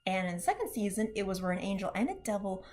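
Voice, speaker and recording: A young woman casually reviewing a cartoon show, chatty and animated, often laughing and slipping into quick impressions of characters. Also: medium pitch.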